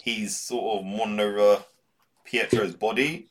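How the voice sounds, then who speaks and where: Low-voiced man recapping a plot. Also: steady tone, a little slow. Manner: rambling, laughs often, quotes characters in passing. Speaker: podcast co-host. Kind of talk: casual chat recapping a story.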